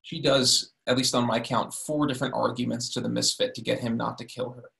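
A man's voice: mid-range voice, flat delivery, a little fast, creaky, fairly bright tone. A man leading a literature discussion, often checking in with "right?" and restarting his sentences. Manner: frequent "right?" tag questions and restarts. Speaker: discussion leader.

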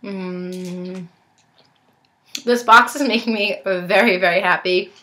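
A woman's voice: mid-range voice, fairly even intonation, takes it slowly, long pauses, sharp tone. A young woman reviewing snacks in a casual unboxing vlog, chatting and tasting as she goes, sometimes talking with her mouth full. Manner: chatty, talks while chewing.

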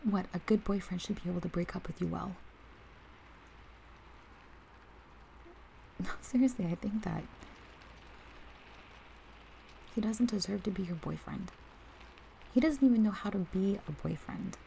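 A woman doing a loyal, protective best friend, gravelly and warm. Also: mid-range voice, a little fast, a little hiss or hum, rough recording. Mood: indignant. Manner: heated then tender, talks straight to the listener. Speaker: ASMR role-play performer. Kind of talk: whispered role-play.

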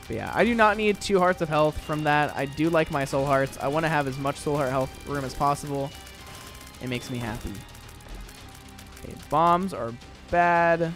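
Young guy chatting over his game run, kinda high voice, rambly, little music in the back. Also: moderate pace, a bit bright. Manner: rambling, chatty, lots of fillers and restarts. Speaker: gaming YouTuber. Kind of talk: casual gameplay commentary.

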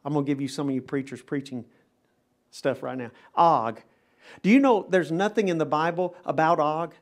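A man's voice: a little high, moderate pace. A middle-aged man, a pastor, preaching a live chapel sermon in an emphatic, dramatic style that builds in intensity. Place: chapel service.

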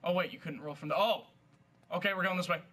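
A man playing a video game and commenting casually, excitable and swearing, shouting at the game. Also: high voice, fast talker. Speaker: gamer playing on stream.

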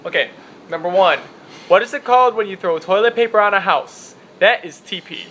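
A young man with a Chicago accent talks casually in his apartment, rambling and a bit self-deprecating. His voice sits fairly high and sounds bright and forward. A faint hum runs underneath. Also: fairly quick. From Chicago area, US. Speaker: vlogger. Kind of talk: casual accent-tag vlog. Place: apartment room with window open.

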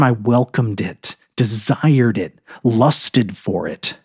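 A man narrating a horror story in an intense, measured first-person reading with dramatic pauses. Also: on the low side, expressive, darkish tone, breathy edge, dry recording, clean studio sound.

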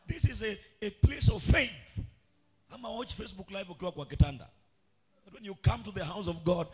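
A man preaching a charismatic church sermon, swinging from loud shouted calls to quiet asides and sing-song chanting, with a husky voice. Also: high-pitched, expressive, a little fast, faint music behind. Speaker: pastor. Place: church sanctuary.

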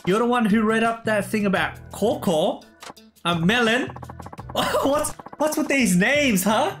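Excitable male gamer, casual play-along commentary, lots of laughing, says "bro" a lot, game music behind. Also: extremely high pitch, takes it slowly. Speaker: gameplay streamer.

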